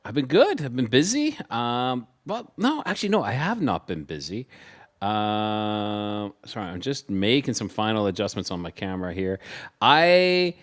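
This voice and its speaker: A man's voice: fairly low pitch, sing-song, unhurried. A man guesting on a livestream, chatting casually and rambling with frequent restarts. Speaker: podcast host, guest. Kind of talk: casual chat.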